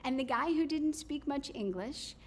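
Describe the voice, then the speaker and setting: A woman's voice: high voice, normal speed. A woman giving public comment at a county meeting, telling a story with lots of fillers and restarts. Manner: animated storytelling, many fillers. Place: county commission chamber.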